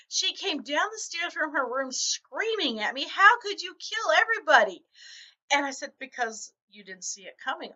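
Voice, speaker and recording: A middle-aged woman vlogging about her writing, telling stories animatedly and acting out other people's reactions. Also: on the high side. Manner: animated storytelling, acts out quoted reactions. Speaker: novelist vlogger. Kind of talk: casual talk to camera. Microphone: camera mic. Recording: dull lo-fi camera audio.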